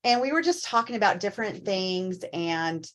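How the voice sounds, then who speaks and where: A woman co-hosting a casual talk show, telling personal stories in an animated, candid way. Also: mid-range voice, normal speed. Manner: animated storyteller, acts out quoted voices. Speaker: co-host. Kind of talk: casual chat.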